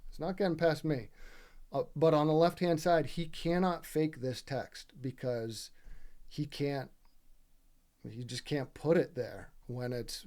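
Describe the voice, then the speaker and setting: A man's voice: on the high side, a little mellow. Exasperated man ranting over game clips. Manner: exasperated, profane, keeps asking "right?". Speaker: gaming video creator. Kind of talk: casual commentary over gameplay footage.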